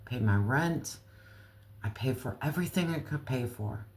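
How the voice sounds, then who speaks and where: Speaking slowly and straight to the viewer, this tarot reader delivers a casual reading full of blunt slang and free swearing. The mid-range voice is expressive and a little mellow.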